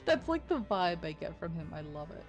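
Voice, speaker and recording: A woman's voice: lowish voice, sing-song, normal speed, soft background music. A woman giving casual, chatty commentary on a game playthrough, musing aloud and laughing often. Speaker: gamer, let's play host.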